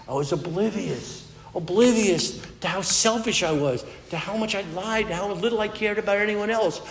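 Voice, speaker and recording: A man's voice: sits high, slight background noise. Earnest man speaking in an echoey hall. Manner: earnest, conversational storytelling with restarts. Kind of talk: personal recovery talk. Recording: echoey hall with long reverb.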